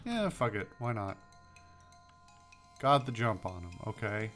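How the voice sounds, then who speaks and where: A man's voice: fairly low pitch, big pitch swings, a little slow, a bit bright, faint music behind. A man playing a comedy western game, reading its text aloud with wry, offhand asides. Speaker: let's play gamer. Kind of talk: casual let's play commentary, reading game text aloud.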